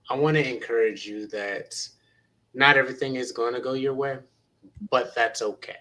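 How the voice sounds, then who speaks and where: A man's voice: mid-range voice, normal speed, a bit bright, low-quality recording. A man who is a teacher, earnestly encouraging young people in a panel talk and retelling conversations with students.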